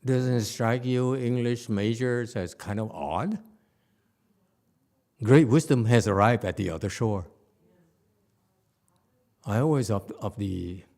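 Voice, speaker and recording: A man's voice: fairly low pitch, a little mellow. A man giving a conversational Buddhist sutra lecture, often stopping to question his audience. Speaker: Buddhist teacher.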